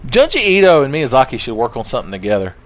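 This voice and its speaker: A man rambles through a casual let's play, joking and swearing as he goes. His delivery is lively, with pitch that swings widely. The voice sits at an ordinary middle pitch for a man. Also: fast. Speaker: gaming channel host.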